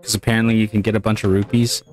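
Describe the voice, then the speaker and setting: Excitable, foul-mouthed male gamer. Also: lowish voice, very fast, faint music behind. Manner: excitable, swears freely, yells and cheers. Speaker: gaming channel host. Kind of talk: casual let's-play commentary.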